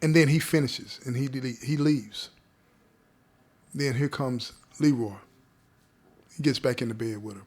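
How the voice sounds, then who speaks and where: A man's voice: medium pitch, steady tone, measured pace, long pauses, darkish tone. A man hosting a show, telling a story in a casual, conversational way with street slang, often checking in with his listeners. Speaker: podcast host telling a story.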